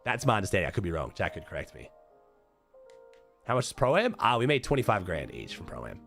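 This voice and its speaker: A young Australian man streaming and chatting to viewers, hoarse and thick-voiced from a chest infection, talking loosely with lots of swearing and trailing off into quieter mumbles. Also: on the low side, wildly swooping pitch, brisk. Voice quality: thick and raspy. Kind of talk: casual livestream chat. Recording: faint music playing behind.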